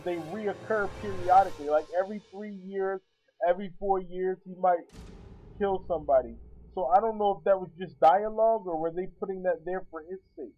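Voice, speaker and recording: High-voiced man rambling a sarcastic movie review. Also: warm tone, low-quality recording. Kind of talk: casual spoken movie review. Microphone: sitting back from the microphone.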